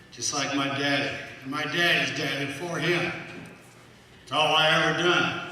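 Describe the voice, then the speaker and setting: A man's voice: on the high side, pushed and bright, slight background noise. A man playing a folksy Texan shrimper. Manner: folksy drawl, plainspoken. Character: blunt loyal middle-aged Texan shrimper. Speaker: stage actor. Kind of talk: live stage monologue. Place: café stage. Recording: echoey hall, mic far off.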